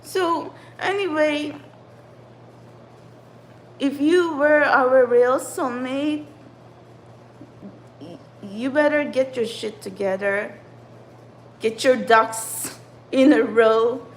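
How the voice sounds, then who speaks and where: A woman's voice: sits high, drawn-out words, long pauses, a little hiss or hum, low-quality recording. A woman who channels spiritual messages, venting in an agitated, profane, rambling rant to her viewers. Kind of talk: angry spiritual vlog rant.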